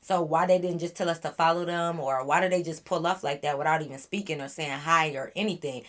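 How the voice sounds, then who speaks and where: Lower-pitched woman telling a storytime vlog. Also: quick pace, hardly any pauses. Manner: animated, slangy, swears, exasperated asides. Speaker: vlogger. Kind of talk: casual storytelling.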